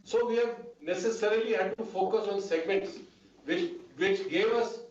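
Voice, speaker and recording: A high-pitched man answers shareholders in a formal meeting. He speaks in measured runs with lots of "you know". The audio is distant and echoey, with a muffled, dulled tone. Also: a little mellow. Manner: measured, with many fillers and repeated "you know". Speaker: bank executive answering shareholders.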